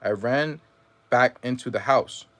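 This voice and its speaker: A man's voice: medium pitch, fairly bright tone. Man reading a memoir aloud. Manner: measured reading with occasional stumbles and self-corrections. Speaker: reader.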